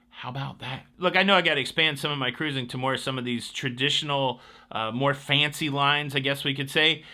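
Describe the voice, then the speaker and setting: A man's voice: on the high side, pushed and bright. A man hosting a casual cruise news show, reading stories and adding chatty, joking asides.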